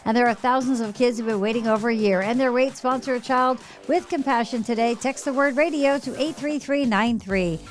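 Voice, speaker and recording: A woman giving a brisk radio traffic report, reading the items in a crisp, rapid-fire way. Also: a little high, steady tone.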